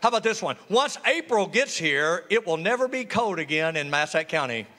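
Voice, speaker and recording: A man's voice: high voice, very animated, normal speed, bright, forceful tone. A male pastor, preaching a sermon in a church with humor and call-and-response. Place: church sanctuary. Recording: reverberant church hall.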